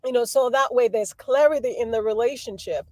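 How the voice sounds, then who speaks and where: A woman in her thirties, a guest, explaining calmly and giving everyday examples. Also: on the high side, no room sound. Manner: measured, gives examples, repeats words. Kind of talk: explanatory talk.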